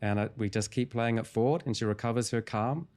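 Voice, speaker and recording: A man, a hypnotherapist guest in an interview, calmly retelling a client's session in a measured storytelling way. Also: mid-range voice.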